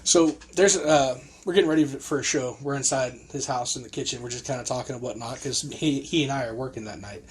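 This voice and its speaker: A man's voice: mid-range voice, brisk, hardly any pauses. A man who once wrestled, a guest on a friend's podcast, talking casually and chiming in with short agreements. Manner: easygoing, chimes in with short agreements. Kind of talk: casual chat.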